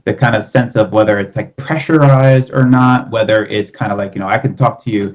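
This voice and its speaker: A man speaking as a guest expert on a podcast, explaining ideas calmly and at length with many softening phrases. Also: lowish voice, brisk, lo-fi sound. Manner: calm, explanatory, many "kind of" hedges. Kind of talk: podcast conversation.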